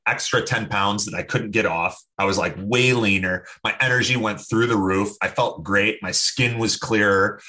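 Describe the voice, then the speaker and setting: A man speaking as a podcast guest, talking emphatically and telling stories in an opinionated, animated way. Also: on the low side. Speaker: podcast guest, health expert. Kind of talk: casual interview talk.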